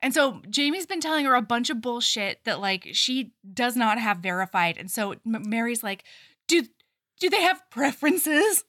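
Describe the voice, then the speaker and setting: A young adult woman co-hosting a podcast, retelling a novel's scenes in a casual, animated way with goofy voices for the characters. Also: fairly high pitch, normal speed, hardly any pauses, no echo, studio quality. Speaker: podcast co-host. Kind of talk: casual book-club chat.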